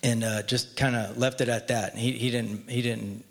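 An earnest man tells a personal faith story in a relaxed, conversational way. His voice sits at an ordinary middle pitch. The sound carries a long reverb, as if recorded in a large hall. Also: moderate pace, vocal fry.

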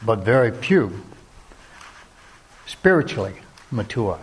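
A man's voice: fairly low pitch, sing-song, slow pace, slightly rough. A man giving an earnest, sermon-like talk to a Christian men's group, repeating key phrases and asking direct questions. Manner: asks the audience direct questions. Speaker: Christian men's ministry speaker.

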